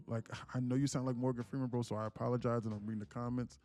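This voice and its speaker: Male livestream host, mellow voice, playful slang, faint music behind. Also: medium pitch, flat delivery, rapid-fire, few pauses. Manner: joking, playful, slangy, often puts on a voice. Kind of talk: casual livestream chat.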